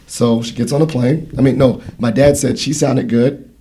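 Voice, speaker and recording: A man's voice: medium pitch, fairly even intonation, moderate pace, warm tone, slight background noise. A man in his thirties hosting a casual podcast conversation, telling a story in a rambling way with many fillers and restarts. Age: 30s. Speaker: podcast host.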